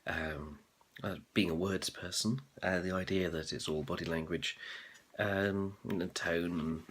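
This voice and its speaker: A man's voice: deep voice, fairly even intonation, a little slow, a bit bright, a little hiss or hum. A man talking casually and thoughtfully about what he learned on his course, with frequent ums and uhs. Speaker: MBA student vlogger. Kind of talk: casual reflective monologue.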